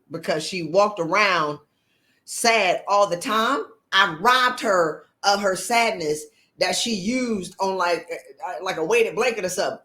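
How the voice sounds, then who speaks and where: A woman's voice: mid-range voice, fairly bright tone, echoey room. A woman leadership coach giving a motivational talk, blunt and emphatic, firing off rhetorical questions in sassy, colloquial speech.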